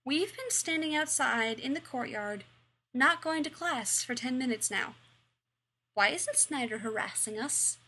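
A woman's voice: high-pitched, lively intonation, unhurried, bright, forceful tone, slightly rough, heavily acted. Cordelia, a woman reading as a snippy teen girl. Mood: sarcastic. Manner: sarcastic, snippy. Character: snobby sarcastic teenage high school girl.

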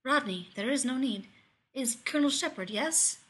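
A woman's voice: high-pitched, animated, normal speed, a bit bright, pitched above the performer's own voice. A woman voicing a perceptive, gossipy male lab colleague with slightly formal phrasing. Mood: teasing.

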